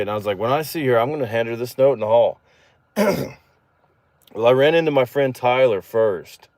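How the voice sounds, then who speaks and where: A man's voice: smooth, no room sound. A man hosting his own show, casually telling a personal story and acting out the dialogue in it. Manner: animated, acts out quoted dialogue with rising pitch. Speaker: show host.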